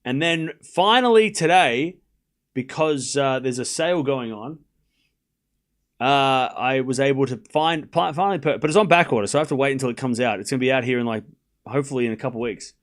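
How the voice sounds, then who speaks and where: A man's voice: mid-range voice, a little fast. Man, Australian accent, stream host, casual live commentary, rambling, self-deprecating, casual swearing.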